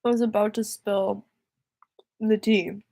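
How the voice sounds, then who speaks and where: A woman's voice: medium pitch, flat delivery, slow, creaky, dark tone. A young woman singer-songwriter chatting casually on a livestream, rambling and easily distracted, laughing often.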